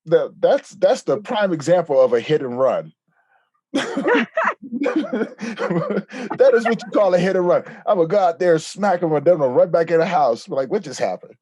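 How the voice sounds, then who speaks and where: A man's voice: sits high, lively intonation, normal speed, long pauses, warm tone, no echo. Playful laughing male podcast host. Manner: playful, laughing, joking reactions. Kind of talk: casual interview conversation.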